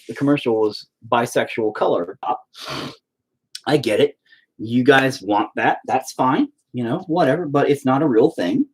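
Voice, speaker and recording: A man's voice: medium pitch, a little mellow. A man streaming live as he paints, chatting casually in a profane, exasperated rant. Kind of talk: casual livestream chat.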